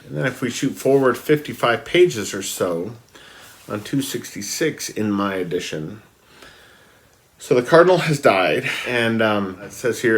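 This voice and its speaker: A man's voice: medium pitch, expressive, unhurried. A man talking casually about a novel he is reading, reading passages aloud, with many ums and restarts. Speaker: book reviewer. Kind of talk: casual book discussion with read-aloud passages.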